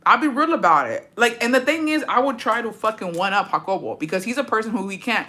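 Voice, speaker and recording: A young woman with a bright, forward voice talks casually to her livestream audience. She is blunt and profane, swears freely, and runs her sentences together in a loose, chatty rhythm. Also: a little high, expressive, fast talker. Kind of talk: casual chat answering viewer comments.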